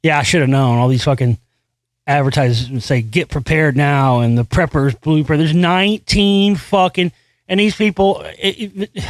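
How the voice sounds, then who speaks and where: A man's voice: mid-range voice, dry recording. A man hosting a solo commentary show, reading a news article aloud and breaking into profane, frustrated rants full of restarts. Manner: reads news text aloud, then comments. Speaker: host.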